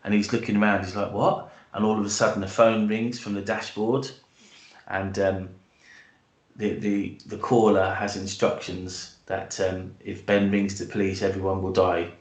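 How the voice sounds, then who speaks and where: British man, guest author, low voice, hesitant restarts, enthusiastic, echoey room. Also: little pitch movement, normal speed. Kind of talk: casual interview chat and storytelling.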